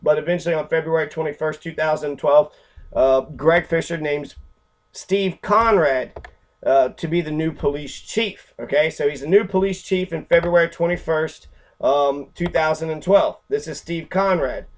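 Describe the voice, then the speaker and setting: A man's voice: a little high, normal speed. A man talking in an angry, profane, rambling way, full of fillers and restarts, while pointing out pictures. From Louisville, Kentucky. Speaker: activist lecturer.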